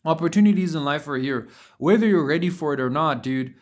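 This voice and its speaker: A man's voice: on the high side, lively intonation, brisk. A man talking casually to camera in a motivational monologue, blunt and profane, repeating words for emphasis and calling the listener bro and dude. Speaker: vlogger.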